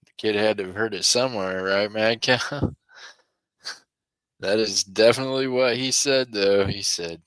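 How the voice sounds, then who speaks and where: Folksy low-voiced man hosting an auction. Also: unhurried, pauses often, fairly bright tone, no room sound. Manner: folksy, chatty, chuckles often. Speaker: online auction host. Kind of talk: live-stream auction chat.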